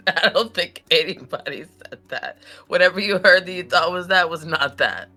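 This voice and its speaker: A man's voice: high-pitched, moderate pace, bright, forceful tone, soft background music. A young man playing a tabletop game, giggly and teasing. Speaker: player. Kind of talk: casual tabletop play.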